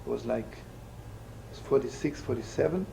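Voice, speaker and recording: Older male rabbi, gravelly, lively storyteller, slips in Yiddish and Hebrew words. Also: mid-range voice, normal speed, background noise. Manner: animated, chatty, sprinkled with Yiddish and Hebrew terms. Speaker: rabbi teaching. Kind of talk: storytelling sermon with jokes.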